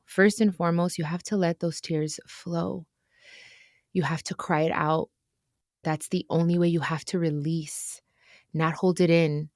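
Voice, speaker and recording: A woman's voice: on the low side, steady tone, measured pace, darkish tone, no room sound, studio quality. A woman hosting an advice podcast, talking earnestly and with emotion to listeners. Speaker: podcast host giving advice. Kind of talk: heartfelt advice chat.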